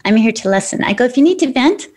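A woman's voice: on the high side, sing-song, fast, darkish tone. A middle-aged woman hosting a radio talk show, upbeat and affirming in a spiritual, encouraging way. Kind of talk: casual interview chat.

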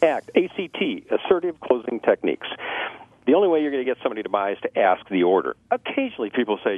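Fast-talking man on a tinny phone line. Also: medium pitch, no echo. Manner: lively, acts out customer dialogue, laughs at own jokes. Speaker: sales trainer guest. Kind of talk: radio talk giving sales tips. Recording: tinny phone-line radio audio, dry.

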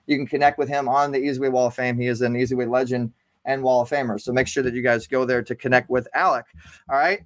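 A man's voice: mid-range voice, flat delivery, fast talker, no echo. A man hosting a live online interview show, upbeat and chatty, often repeating words as he talks. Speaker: show host.

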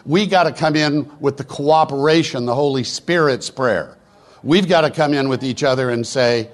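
A middle-aged man speaking at a live business networking event, preachy and rapid-fire, urging the crowd on. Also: mid-range voice. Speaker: motivational speaker. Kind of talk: live stage speech. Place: event hall.

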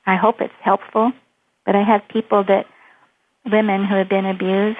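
A woman author being interviewed, telling lively, fast anecdotes. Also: mid-range voice. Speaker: author and guest. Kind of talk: storytelling in an interview. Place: Hawaii. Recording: tinny phone line.

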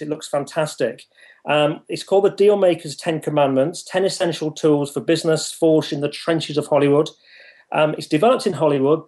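A northern English man hosts the interview, pausing on many ums and laughing easily. His voice sits a little high for a man. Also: darkish tone. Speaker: host. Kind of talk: casual interview.

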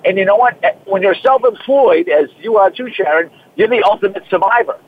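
A man's voice: sits high, a little fast, husky. A man with a Boston accent, talking in a rambling, enthusiastic way on a radio show. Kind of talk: casual radio talk. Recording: phone-line sound.

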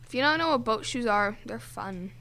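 A woman's voice: fairly high pitch, lively intonation, normal speed, sharp tone. A teenage girl co-hosting a kids' radio show, chatting casually and giggling often. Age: teens. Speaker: co-host.

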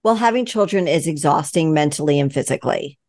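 Low-voiced woman in her sixties. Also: expressive, fairly quick, a little mellow, no room sound, studio quality. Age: 60s. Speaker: podcast host. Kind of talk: casual chat.

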